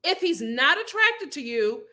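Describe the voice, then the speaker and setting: A woman hosts a casual review, speaking straight to her viewers with candid opinions. Her voice sits a bit high and swings widely in pitch, with big jumps when she acts things out. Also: very animated, a little slow, sharp tone. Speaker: host reviewing a reality show. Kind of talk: casual chat.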